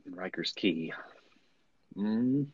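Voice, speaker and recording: A man's voice: sits low, animated, slow pace, husky, no room sound. A man who narrates audiobooks, speaking candidly and reflectively in a conversational interview, recorded with dull, muffled lo-fi sound.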